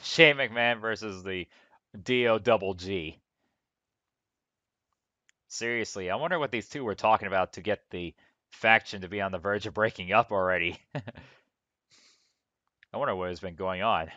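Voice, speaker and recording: A man giving casual, rambling commentary on his own gameplay, chatting to viewers on a quiet, low-level microphone. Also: normal speed, long pauses, no room sound, highs cut off. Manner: relaxed, rambling talk to viewers. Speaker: let's play gamer. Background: video game music.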